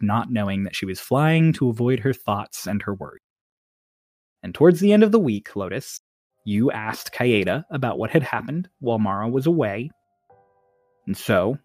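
A man narrating as game master of a tabletop role-playing game, in a relaxed storytelling way. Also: medium pitch, no room sound.

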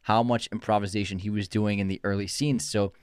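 A man's voice: fairly low pitch, steady tone, a little fast, clean tone, dry recording, studio quality. A man co-hosting a casual film podcast, retelling behind-the-scenes stories in a loose, conversational way. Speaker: podcast co-host. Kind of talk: casual chat about films.

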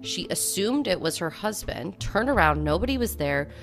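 Female podcast co-host, deep voice, chatty storyteller, faint music underneath. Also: big pitch swings, normal speed. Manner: conversational storytelling, many "like" fillers. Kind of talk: casual chat about hauntings.

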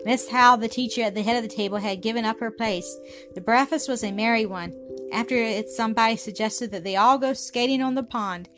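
A woman's voice: fairly high pitch, a little fast. Woman reading a story over music. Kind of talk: scripted narration. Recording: music playing behind the voice.

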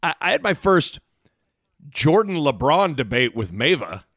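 An animated man in his thirties with a slightly high voice retells conversations on a podcast, acting out each side. His voice is close to the mic and dry. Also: measured pace, no room sound. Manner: animated, quotes people in dialogue. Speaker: podcast co-host. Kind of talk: casual chat.

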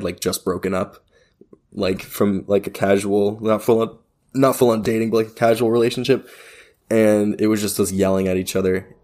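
Low-voiced young man telling a story. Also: a little mellow. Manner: casual, swearing, storytelling. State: post-booster cough. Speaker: podcast co-host. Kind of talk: casual chat.

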